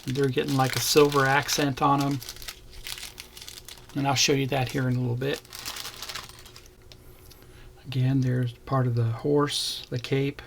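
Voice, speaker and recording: Male kit reviewer, raspy low fry in the voice, plain and easygoing unboxing delivery. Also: little pitch movement, noisy background. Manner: plain, unhurried, points out parts as he shows them. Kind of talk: casual unboxing narration.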